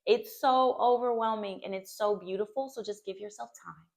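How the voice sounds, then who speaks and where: A woman's voice: medium pitch, normal speed. A woman speaking as a therapist and mother, giving earnest, reassuring advice to camera and often checking in with "okay?". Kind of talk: heartfelt talk to camera.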